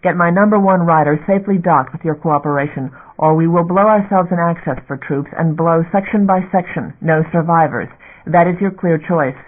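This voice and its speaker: A man's voice: on the high side, moderate pace, natural voice. Curt, menacing woman warship captain, read by a man in an audiobook, clipped orders, tinny narrow audio. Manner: clipped commands, threatening.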